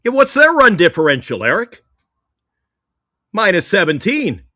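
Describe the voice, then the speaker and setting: A sports talk host on a live stream, ranting excitedly about their team and often breaking into laughter. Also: medium pitch, unhurried, no echo, clean studio sound.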